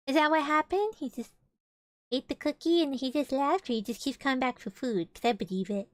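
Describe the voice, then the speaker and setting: A young woman reads a children's storybook aloud to her stream, slipping into playful, musing side comments. Her voice sits a little high, and the dry, close recording gives it an intimate feel. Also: moderate pace, pauses often, dry recording. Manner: playful, musing asides between passages. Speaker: streamer reading a children's book. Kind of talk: casual storybook reading with chatty asides. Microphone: streaming microphone.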